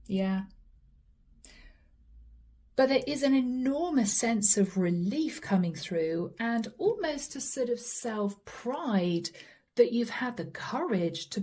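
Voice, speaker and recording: A woman's voice: mid-range voice, dark tone, breathy edge. Chatty woman doing a tarot reading. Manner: chatty, dramatic, acts out quotes. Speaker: tarot reader.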